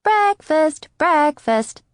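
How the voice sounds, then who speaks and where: A woman voicing an excited, bouncy little girl who talks in a loud sing-song way. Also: high-pitched, normal speed, no echo, clean studio sound, voice pushed up.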